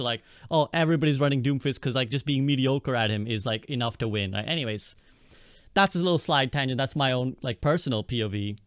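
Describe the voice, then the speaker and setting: Fast-talking man with a smooth, dry voice. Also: mid-range voice, no room sound. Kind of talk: casual gaming discussion.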